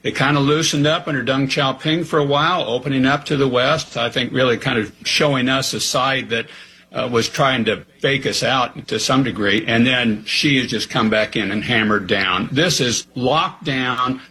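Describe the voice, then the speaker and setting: A man being interviewed as a guest, explaining bluntly and forcefully. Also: medium pitch, moderate pace, breathy edge, poor audio. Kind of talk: interview talk.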